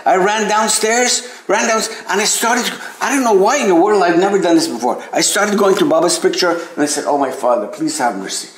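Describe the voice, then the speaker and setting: A man sharing personal memories with a group at a spiritual center, hesitant, with many restarts, rising high and animated when amazed. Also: brisk, hardly any pauses. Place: meeting room at a spiritual center. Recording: echoey room recording.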